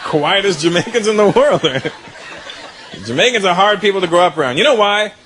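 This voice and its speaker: A man's voice: high voice, expressive, normal speed, heavy background noise. A man doing stand-up comedy in a club, teasing the crowd in a conversational way. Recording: live club set, loud crowd laughter.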